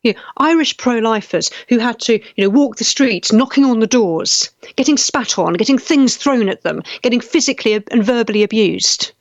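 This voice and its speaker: A woman's voice: on the high side, dry recording, lo-fi sound. A woman hosting a live talk show, speaking with indignation, often restarting her sentences as she reads viewer comments. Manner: indignant, halting with frequent restarts. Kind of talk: casual live-stream commentary.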